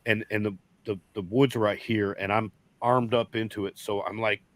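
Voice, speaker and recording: Man, deep low voice, folksy rambling storyteller, dry close sound. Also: steady tone, moderate pace, no room sound. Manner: rambling, folksy, restarts often. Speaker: beekeeper guest. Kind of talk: casual storytelling.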